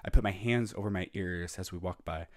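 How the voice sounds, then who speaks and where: Reading a children's picture book aloud in the manner of a music teacher, a man with a fairly low voice makes the story's sound effects with his mouth between plainly read lines. He reads fairly quickly, and the recording is dry and close with no echo. It's a children's read-aloud and activity.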